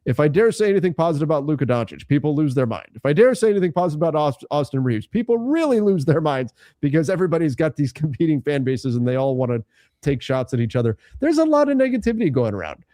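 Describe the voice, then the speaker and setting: A man's voice: a little high, very animated, fast talker, warm tone, no room sound, clean studio sound. A man co-hosting a live basketball draft show, chatting casually and laughing often. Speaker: podcast co-host.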